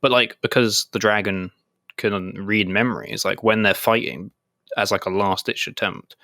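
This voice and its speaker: Chatty man with a bright voice. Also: on the low side, moderate pace, vocal fry, dry recording, clean studio sound. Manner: chatty, many "like" fillers, retells scenes in quoted voices. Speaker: podcast co-host. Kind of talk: casual chat.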